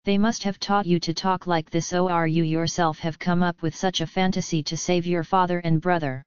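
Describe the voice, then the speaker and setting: A woman's voice: lowish voice, flat delivery, normal speed, clean tone, no echo, highs cut off, natural voice. A woman voicing a proud, commanding royal princess in stern, formal, old-fashioned speech.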